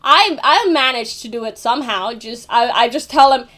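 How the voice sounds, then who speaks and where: Here a young female vlogger tells a story in a high, somewhat bright voice, with lively intonation and a moderate pace. It's loose and rambling, like talking to a camera, with lots of fillers, restarted sentences, and an occasional curse.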